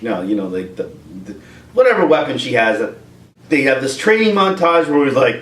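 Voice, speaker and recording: A man's voice: mid-range voice, big pitch swings, normal speed, a bit bright. A man giving a rambling, comic rant at home, breaking into voices. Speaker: video creator. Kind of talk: comedic rant. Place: room at home with a dog. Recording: roomy, distant from mic.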